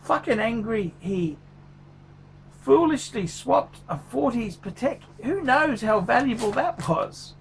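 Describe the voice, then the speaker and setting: A man's voice: very high-pitched, very animated, slow, vocal fry, a little hiss or hum, heavily acted. A man voicing a furious, foul-mouthed male watch reviewer who swears constantly in a paid review rant. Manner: swears constantly, ranting, blunt.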